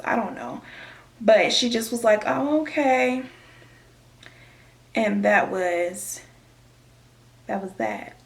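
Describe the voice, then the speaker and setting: A young woman vlogger telling a dramatic, profane storytime while doing her makeup, animated and expressive. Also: mid-range voice, creaky. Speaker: beauty vlogger. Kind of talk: storytime chat during a makeup tutorial.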